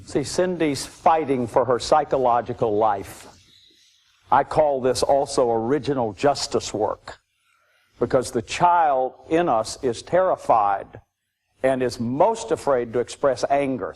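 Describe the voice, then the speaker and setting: A man's voice: mid-range voice, animated, unhurried, a little mellow. A man lecturing on addiction and recovery, emphatic and repeating his key phrases.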